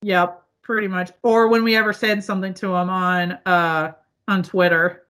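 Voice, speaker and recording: Bright, loud, laughing woman. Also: lowish voice, little pitch movement, normal speed. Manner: loud, laughing, swearing freely. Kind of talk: casual chat.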